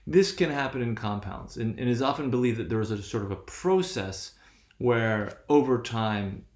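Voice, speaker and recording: A man's voice: mid-range voice, lively intonation, moderate pace, a little mellow. Man lecturing in an echoey room. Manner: checks in with frequent tag questions; switches between English and French mid-explanation. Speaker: teacher. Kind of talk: classroom lecture.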